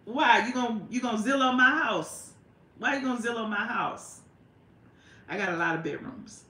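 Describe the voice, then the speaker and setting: Chatty woman with a bright voice. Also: a little high, unhurried, echoey room. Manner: chatty, addresses viewers as child and honey. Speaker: YouTube host. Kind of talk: casual livestream chat. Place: her home.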